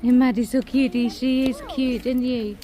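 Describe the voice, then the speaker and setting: Playful mum, bright voice. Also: female voice, a little high, steady tone, normal speed. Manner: playful, chatty, teasing her kids, laughs often. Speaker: mother vlogging a family outing. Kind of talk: casual family vlog chat. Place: outdoors in a small town and inside a library.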